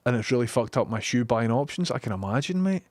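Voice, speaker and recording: A man's voice: medium pitch, expressive, fast, a little mellow, dry recording. A young Scottish man chatting casually on a live stream from his home studio, joking and reading out viewer messages. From Scotland.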